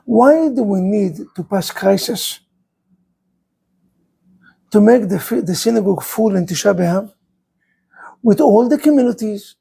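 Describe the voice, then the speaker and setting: A man's voice: high-pitched, lively intonation, a little slow, vocal fry, pauses often, mellow, slightly rough, rough recording. A man, a rabbi, preaching an impassioned sermon full of rhetorical questions.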